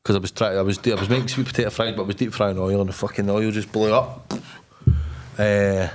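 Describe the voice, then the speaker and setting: A young Scottish man, a podcast guest, telling a wild story in a blunt, sweary, animated way. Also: fairly low pitch, brisk. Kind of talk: casual storytelling.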